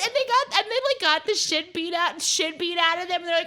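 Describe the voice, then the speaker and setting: A woman guest in a casual chat with a high, bright voice. She tells her stories animatedly and acts out each quoted line. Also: sing-song, normal speed.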